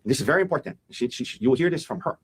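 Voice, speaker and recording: A man, a defense attorney, delivering an animated opening statement to a jury and acting out quotes as he goes. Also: mid-range voice, slightly rough, poor audio. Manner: fast, animated, acts out quotes.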